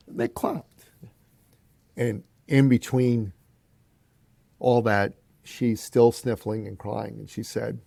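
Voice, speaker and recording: A man, a guest on a podcast, tells a personal story in a slow, gravelly voice, pausing often, with no room sound. He's an animated storyteller who acts out the people he quotes with big jumps in pitch and calls the listener "brother."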